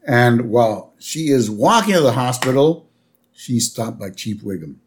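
A man's voice: a little slow, slight background noise. A man co-hosting a casual podcast, retelling a cartoon episode scene by scene. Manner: narrates scenes step by step, with lively pitch. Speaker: podcast co-host. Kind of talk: casual episode recap chat.

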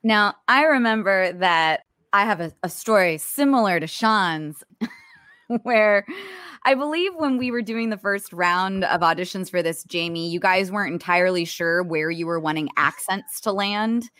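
A woman's voice: mid-range voice, a little slow, fairly bright tone, no room sound, studio quality. A female voice actress on a panel, telling a story playfully with frequent laughs. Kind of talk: casual anecdote telling.

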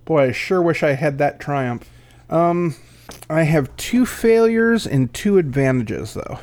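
A man's voice: fairly high pitch, lively intonation, slow pace, a little mellow. A man playing a tabletop game, talking casually and thinking aloud about his moves. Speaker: player.

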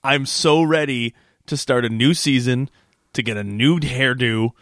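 Male podcast co-host, mid pitch, dry close mic, rambling and chatty. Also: a little slow, fairly bright tone, dry recording. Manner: rambling, laughs often, restarts. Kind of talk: casual podcast recap chat.

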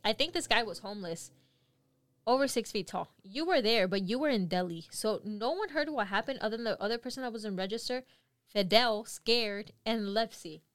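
A young woman co-hosting a podcast, telling work stories in casual chat, animated and laughing often. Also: fairly high pitch, moderate pace, dry recording, clean studio sound. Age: young adult. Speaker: podcast co-host.

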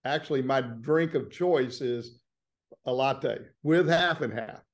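A man with a Southern accent from Florida speaks in a relaxed, plain-spoken way. He tells stories about his courtroom work like a guest in an informal interview, at an ordinary middle pitch. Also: takes it slowly. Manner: easygoing, plain-spoken storytelling. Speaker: trial lawyer guest. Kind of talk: casual interview.

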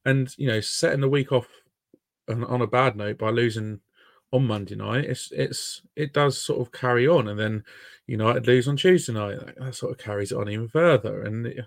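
A man's voice: medium pitch, moderate pace, creaky, no room sound, studio quality. A man from England hosting a casual sports podcast, chatty and self-deprecating with the odd swear word. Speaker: podcast host. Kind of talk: casual chat.

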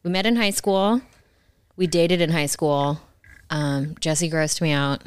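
Smooth-voiced woman podcast co-host. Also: deep voice, steady tone, slow pace, no room sound. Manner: laughing, joking banter. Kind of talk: casual chat.

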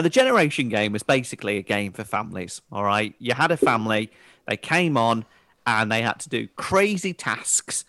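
A man co-hosting a casual podcast, telling stories with animated bursts of impressions. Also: mid-range voice, dry recording. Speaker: podcast co-host. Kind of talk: casual chat.

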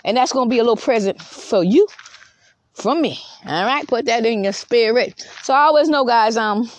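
A woman's voice: a little high, expressive, moderate pace. A woman in her fifties ranting bluntly and profanely in a voice message. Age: 50s.

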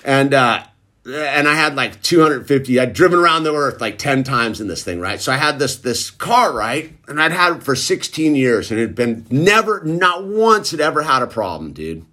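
A man's voice: mid-range voice, big pitch swings, moderate pace, sharp tone. A middle-aged man casually telling a long personal story in laid-back slang, tossing in "dude" constantly. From Southern California. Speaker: recovery storyteller.

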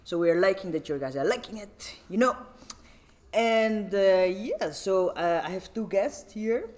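A man's voice: high-pitched, lively intonation, measured pace, darkish tone. A young man hosting a casual podcast, rambling and giggly, often cutting himself off mid-sentence. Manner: rambling, giggly, self-interrupting. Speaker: podcast host.

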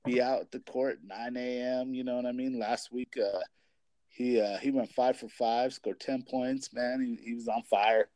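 A man's voice: mid-range voice, steady tone, moderate pace, darkish tone, no room sound. A young man in casual chat, rambling with lots of filler words and swearing as he talks about his family. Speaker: parent and kids' basketball coach.

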